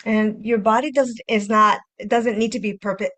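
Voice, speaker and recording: A woman hosts a healing-focused podcast in a gentle, reflective self-help tone. Her voice sits at a medium pitch. She often repeats phrases and slips into soft, sighing inner-voice asides. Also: fairly even intonation, moderate pace. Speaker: podcast host and healing coach.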